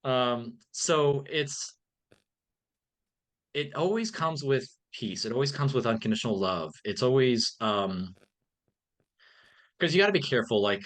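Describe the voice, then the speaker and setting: A man's voice: medium pitch, lively intonation, unhurried, long pauses, fairly bright tone. A man speaking as a podcast guest in a casual interview, earnest and reflective, with frequent "um" and "like". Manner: earnest, reflective, many fillers.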